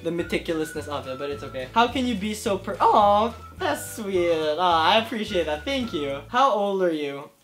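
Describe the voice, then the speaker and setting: A man in his twenties answering viewer questions to camera, excitable and gushing, with faint music behind. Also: on the high side, brisk, few pauses. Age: 20s. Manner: excitable, gushing, lively swings in loudness. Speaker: YouTube creator. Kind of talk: casual Q&A vlog to camera. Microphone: camera in front of him.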